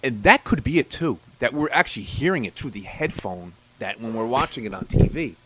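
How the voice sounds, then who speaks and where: Agreeable man, bright and animated. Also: medium pitch, a little fast, breathy edge, rough recording. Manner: agreeable, chimes in with yeahs. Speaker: podcast co-host. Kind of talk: casual chat. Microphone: headphones and podcast mic.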